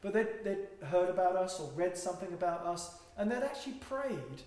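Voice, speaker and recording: A man's voice: high voice, big pitch swings, normal speed, a little mellow. A man telling a funny travel story in casual chat, laughing often as he goes. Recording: very echoey room with faint noise.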